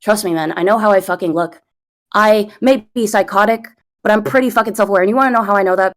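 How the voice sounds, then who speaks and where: Talking quickly in a medium pitch, a woman in her early thirties defends herself during an interview on a voice call. She's a content creator, and she rambles and curses through the heated argument, captured on a computer microphone.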